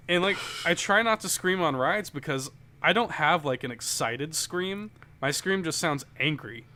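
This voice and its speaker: A man's voice: fairly high pitch, expressive, measured pace, pushed and bright. A man co-hosting a podcast, telling a rambling, profane story full of fillers in casual chat. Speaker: podcast co-host.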